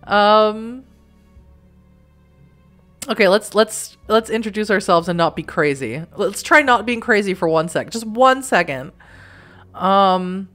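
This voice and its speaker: A woman's voice: medium pitch, expressive, takes it slowly, long pauses, a bit bright, faint music behind. A young woman hosting a let's play, reading a story game aloud with giggly, self-mocking asides.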